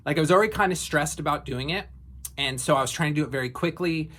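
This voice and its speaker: A man's voice: a little high, quick pace, bright, forceful tone. A man in his thirties telling a personal story in a casual, reflective way, with frequent fillers and restarts. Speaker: vlogger.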